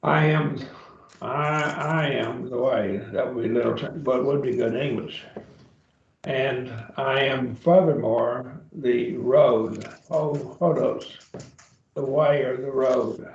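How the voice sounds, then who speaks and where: Slow, gravelly man teaching a class. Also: medium pitch, fairly even intonation, darkish tone, a little hiss or hum. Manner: patient, explains step by step, checks with "okay?". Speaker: Bible Greek teacher. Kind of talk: classroom grammar lesson. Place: church classroom. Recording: distant, roomy and dull.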